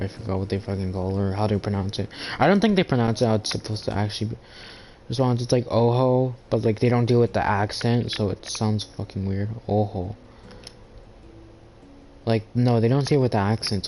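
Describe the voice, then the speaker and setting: A man's voice: fairly low pitch, mellow, slight background noise, rough recording. A man ranting in a casual monologue, rambling with lots of fillers, restarts and swearing. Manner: rambling, profane, full of "like" and restarts. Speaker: gaming channel host.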